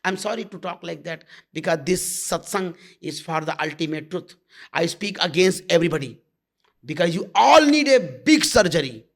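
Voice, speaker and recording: High-pitched gravelly spiritual teacher. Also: male voice, lively intonation, moderate pace. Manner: blunt and intimate, calling listeners "my love". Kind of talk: satsang talk.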